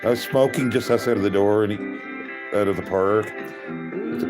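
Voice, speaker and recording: A man's voice: on the low side, big pitch swings, a little fast, over music. A man hosting a casual livestream, chatting with viewers in a rambling, wry way and chuckling at himself. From California. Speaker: livestream host. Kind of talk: casual livestream chat reading comments.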